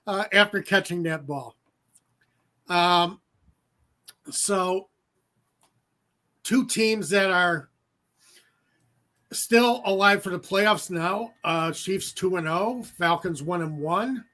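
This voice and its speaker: High, bright-voiced man talking football. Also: slow, long pauses. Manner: loose and chatty, many fillers, jokes and chuckles. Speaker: sports podcast co-host. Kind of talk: casual sports chat.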